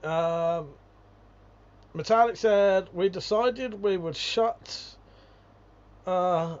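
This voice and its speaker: A man's voice: high-pitched, very slow, clear, resonant tone, dull audio. A British man hosting a casual livestream, reading viewer comments aloud and ranting with lots of swearing and laughter. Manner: profane, ranting, laughs often.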